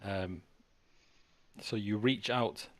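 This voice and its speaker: A man's voice: fairly low pitch, a bit bright, no room sound. A man narrating a tabletop game as game master, stumbling and restarting his sentences. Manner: halting narration with stutters and restarts.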